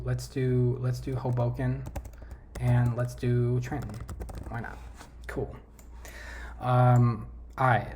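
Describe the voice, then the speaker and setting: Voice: mid-range voice, darkish tone, slight background noise. Rambling vlogger thinking aloud at a computer. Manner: thinking aloud, trailing off, self-correcting. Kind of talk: casual talk over a map quiz game.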